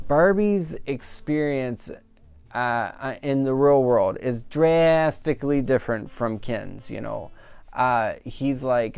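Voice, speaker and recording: A man giving a casual, rambling film review, full of fillers and animated reactions. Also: medium pitch, takes it slowly, vocal fry, smooth, no echo. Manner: chatty and rambling, full of "like" and "you know"; animated, laughing at the funny parts. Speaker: movie reviewer.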